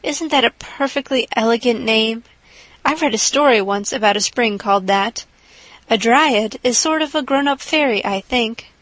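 A chattering young orphan girl with a dreamy, gushing way of talking, read by a woman. The voice sits a touch high and sounds close and dry. It is an audiobook character voice. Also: moderate pace, fairly bright tone, no echo, low-quality recording.

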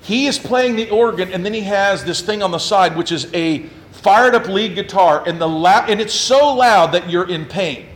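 A man who is a pastor telling a story in a lively, humorous way and acting out his own quotes. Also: sits high, moderate pace, hardly any pauses. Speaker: Presbyterian pastor. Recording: echoey room with faint ambience.

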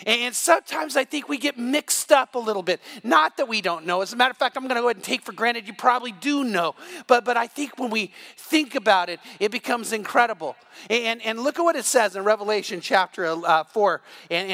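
A middle-aged man preaching an evening sermon, telling a story that builds to shouts. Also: sits high. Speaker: pastor.

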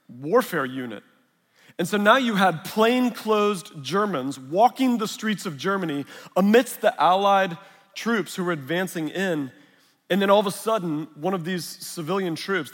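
A man preaching a sermon, mixing chatty storytelling and humor with Scripture. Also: on the high side. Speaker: pastor. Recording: long reverb of a large hall.

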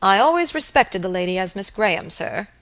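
A woman voicing a quiet, proper male village surgeon who speaks politely and formally. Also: mid-range voice, animated, a little fast. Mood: stiff, indignant.

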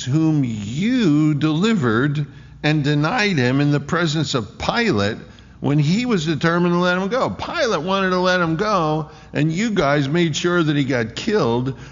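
A man preaching a sermon in an emphatic way, often restarting with quick repeated words. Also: fairly high pitch. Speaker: pastor. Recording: echoey hall, dull lo-fi sound.

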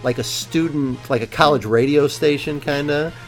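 A podcast co-host with a fairly high-pitched voice talks at a moderate pace over soft background music. He chats casually about a book, joking around in loose sentences he keeps restarting. His delivery rambles, packed with fillers and restarts.

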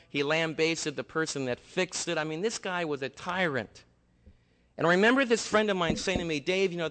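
A man preaching in a church, his slightly higher voice carrying through a long hall reverb. He tells stories in a lively, conversational way, shifting between quiet asides and raised emphasis. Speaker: pastor. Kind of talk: sermon.

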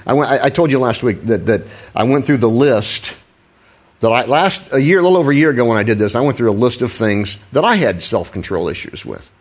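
A middle-aged man preaching a sermon in a relaxed, conversational way, often restarting phrases and joking about himself. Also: medium pitch, fairly quick. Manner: conversational, self-deprecating, frequent restarts. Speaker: pastor.

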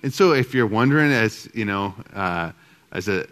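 A middle-aged man with a fairly low voice gives a marriage talk. He tells his stories in an animated way and plays out both sides of old conversations. It comes across as relaxed, chatty storytelling in front of a live audience. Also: normal speed. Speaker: marriage speaker.

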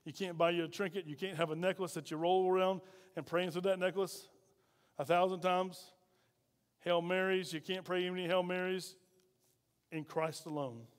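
A pastor preaches a sermon in a high, light voice at normal speed with fairly even intonation. His style is folksy call-and-response, repeatedly throwing questions to the congregation, and the long reverb of a church hall surrounds his words.

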